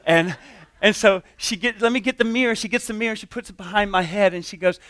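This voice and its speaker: A man's voice: high voice, brisk, fairly bright tone, no echo. Conversational man preaching a sermon. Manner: conversational, storytelling with restarts and voiced quotes. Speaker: pastor. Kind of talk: sermon with object lesson and personal story.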